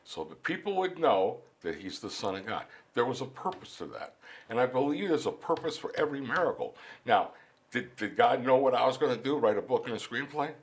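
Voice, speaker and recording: A man in a studio interview, earnestly telling a personal faith story with animated delivery and frequent repeated words as he restarts. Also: medium pitch, a little fast. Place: recording studio.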